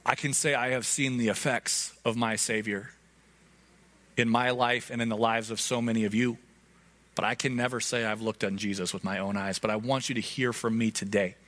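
A man preaching to his congregation in an earnest, conversational way. His voice sits at an ordinary middle pitch, and he speaks to the room as if talking to each listener. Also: fairly even intonation, moderate pace, fairly bright tone. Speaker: pastor. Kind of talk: sermon. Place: church hall before a congregation.

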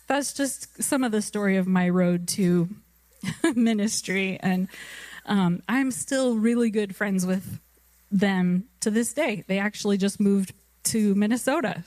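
A woman's voice: mid-range voice, measured pace, a little mellow, no room sound. A woman in her thirties preaching a sermon, telling a personal story in a chatty way and laughing often. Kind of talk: anecdote in a sermon.

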